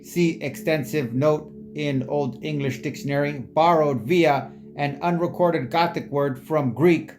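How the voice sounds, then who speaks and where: A speaker reading long quotes aloud in a halting way, stumbling over unfamiliar words. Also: medium pitch, a little mellow, soft background music. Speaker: reader sharing quotes and sources.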